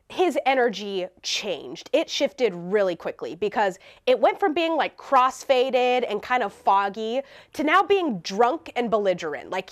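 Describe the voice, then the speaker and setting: A woman telling a storytime vlog, animated and laughing as she talks. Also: on the high side. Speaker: vlogger.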